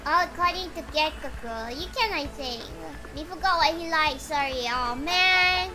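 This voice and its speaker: A woman streamer chatting casually while playing a game, excitable and talking to her chat. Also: sits high, measured pace. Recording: loud game music behind.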